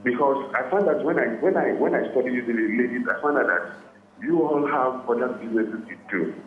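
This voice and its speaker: Guy calling into a radio show, halting and repetitive, sounds muffled and roomy. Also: medium pitch, animated. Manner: halting, repeats words, asks "are you getting it?". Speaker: caller. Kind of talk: phone-in comment. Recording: muffled, roomy phone line with faint noise.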